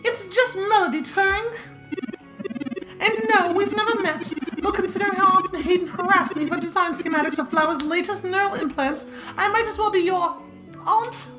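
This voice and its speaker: A woman's voice: very high-pitched, normal speed, low-quality recording. A woman reading the lines of a dry, teasing, motherly older woman scientist in a game. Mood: wry. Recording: game music playing underneath.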